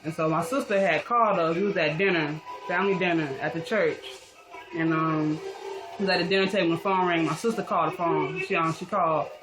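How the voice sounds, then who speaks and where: A woman's voice: fairly low pitch, steady tone, fairly quick, rough recording. A young woman casually telling a personal story in a rambling, slangy, profane way, full of fillers. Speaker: vlogger. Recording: music playing behind.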